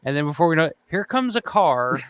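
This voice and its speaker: A man's voice: a little high, very animated, fast talker, slight background noise. A man hosting a casual chat show, telling a story in a loose, swearing way, laughing often and acting out what people said. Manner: swears freely, laughs often, acts out quotes. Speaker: channel host.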